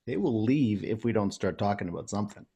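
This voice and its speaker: A man's voice: fairly low pitch, lively intonation, fast, dark tone, slightly rough. A man co-hosting a casual live video chat, teasing and wry.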